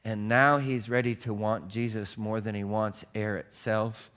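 A man's voice: fairly low pitch, level tone, a little slow, fairly bright tone. A male pastor preaching a casual, joking sermon, telling stories in a conversational way.

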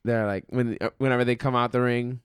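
A man co-hosting a casual fantasy football chat, profane and animated. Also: mid-range voice, fairly quick, clean tone, no echo, clean studio sound. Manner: profane, animated, laughs often. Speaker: podcast co-host.

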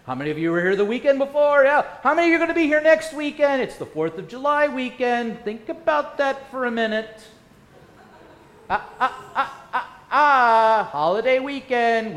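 Male pastor, pitched high, preaching a sermon in a reverberant sanctuary; dynamic, questioning delivery. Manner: asks many rhetorical questions, swings from loud to hushed. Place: church sanctuary. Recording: echoey church room.

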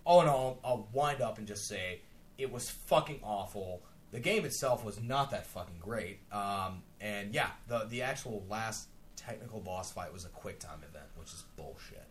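A man's voice: on the low side, moderate pace, slight background noise. A man hosting a casual podcast, telling a gaming story with lots of swearing and sarcasm. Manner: profane, animated storytelling with sarcasm. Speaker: podcast host. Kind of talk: casual chat.

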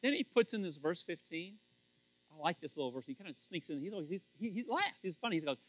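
A middle-aged male pastor delivers a sermon with jokes and animation, acting out quotations with sudden loud shouts. His voice is high and fast, and the recording is dry and rough.

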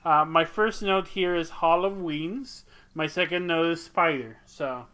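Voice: medium pitch, unhurried, bright, forceful tone. A podcast co-host in casual chat, throwing in joking asides.

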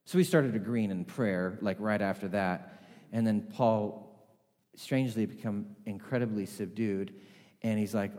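A man's voice: fairly low pitch, unhurried, darkish tone, in a large hall. A man preaching a sermon in a conversational, storytelling way.

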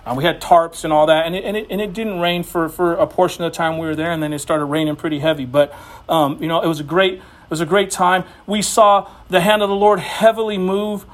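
A man preaching a sermon as pastor, impassioned, with his voice swinging high and low and quick personal asides. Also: fairly even intonation.

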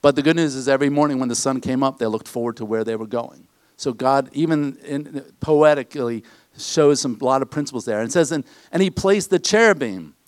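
A man's voice: medium pitch, fairly quick, dry recording. A man preaching a conversational sermon to his congregation in a church, often asking them questions. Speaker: pastor.

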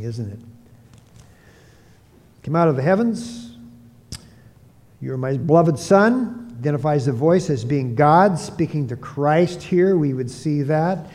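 Man, preacher, expository sermon, emphatic repeats, mellow voice, long hall reverb. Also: a little high. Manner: emphatic, repeats key phrases. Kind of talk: expository Bible teaching.

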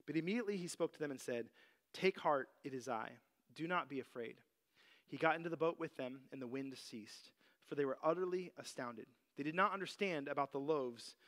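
A man teaching a Bible passage in a relaxed, conversational sermon, full of "like" and "you know". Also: on the high side.

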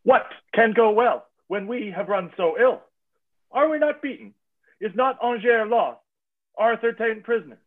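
A man playing a grave, consoling defeated king in a classical stage drama, with measured declamatory verse. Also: sits high. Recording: tinny phone-like radio sound.

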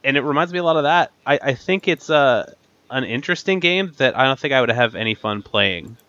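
Bright-voiced man in casual chat. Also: medium pitch, animated, a little fast, lo-fi sound. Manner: thoughtful, hedging with likes.

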